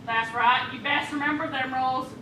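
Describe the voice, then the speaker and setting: A woman playing a loud, crude hillbilly wife who swears in brash country talk, in an improv comedy scene on a theater stage. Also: high voice, steady tone, normal speed, close to an everyday voice. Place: theater stage with live audience. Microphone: stage mic from a distance. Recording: very echoey stage from far off with audience noise.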